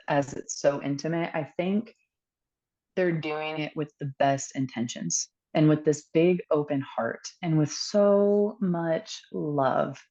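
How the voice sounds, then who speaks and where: A woman telling a candid personal story as a podcast guest, earnest and reflective, pausing often with fillers. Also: low-pitched, darkish tone, muffled recording.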